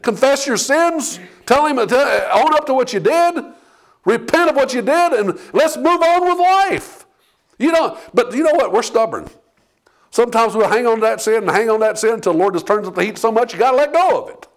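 A man's voice: very high voice, lively intonation, a little fast. A male pastor preaching a sermon in a conversational style, peppering his points with "okay?" and "Amen?" and building in intensity as he exhorts.

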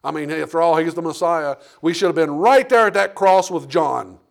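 A male pastor delivers a sermon, his voice sitting a little higher than most men's. He keeps asking the congregation questions and acts out the people in the story, often repeating words as he builds his point. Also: moderate pace, creaky. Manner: rhetorical questions, acted-out dialogue, repeats words. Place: church sanctuary.

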